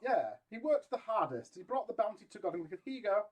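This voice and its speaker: A man co-hosts a casual chat, cracking jokes and reading Bible passages aloud. His voice sits somewhat high and moves around a lot in pitch. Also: big pitch swings, a little fast, husky, recorded from a distance, poor audio. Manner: joking, reads scripture aloud. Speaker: podcast co-host.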